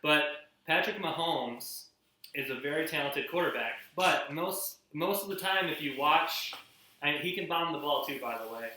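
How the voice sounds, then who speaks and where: A man's voice: fairly high pitch, pushed and bright, far from the mic, slight background noise. A young man hosting a casual cooking show, talking football while he bakes, rambling with lots of fillers and restarts. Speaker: host. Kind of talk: casual cooking vlog with sports talk. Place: home kitchen. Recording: echoey room, a bit off-mic.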